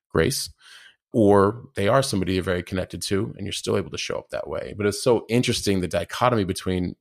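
A man talking as a podcast guest, animated, acting out his inner dialogue. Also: low voice, creaky, no echo, studio quality. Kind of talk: casual conversation.

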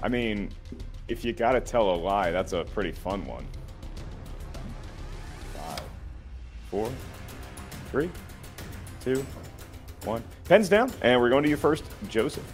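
A man's voice: mid-range voice, sing-song, slow pace, pauses often, faint music behind. A man hosting a live trivia quiz with playful banter, counting down answers and teasing the contestants. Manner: playful, jokey, counts down timers. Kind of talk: game show hosting with banter.

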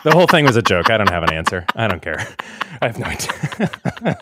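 Lively joking man in casual chat. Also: fairly low pitch, fairly quick, noisy background. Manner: playful, joking, stammers when flustered. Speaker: podcast co-host.

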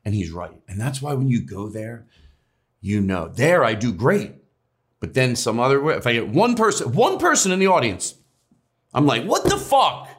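A male comedian as an interview guest, talking in rambling, animated bursts with restarts and swearing. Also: mid-range voice, moderate pace. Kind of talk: casual interview chat.

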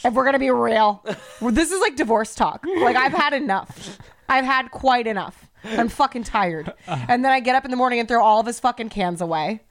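A fired-up woman on a casual podcast, venting with nonstop swearing. Her voice sits a little high for a woman. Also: lively intonation, normal speed. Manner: heated, profane ranting. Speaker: podcast co-host.

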